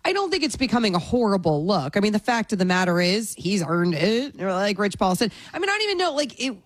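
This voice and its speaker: A woman co-hosting a sports talk radio show while sick, with a hoarse, raspy voice and a wry, animated delivery. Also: mid-range voice, quick pace, dry recording. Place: radio studio.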